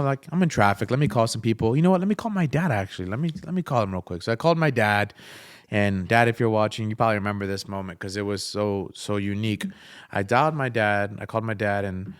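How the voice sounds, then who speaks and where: A man's voice: lowish voice, fast, clear, resonant tone, dry recording, studio quality. A young man, a guest on an interview podcast, telling a personal story in an earnest, emotional, conversational way. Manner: earnest, emotional, faith-filled, speaks of a father's love.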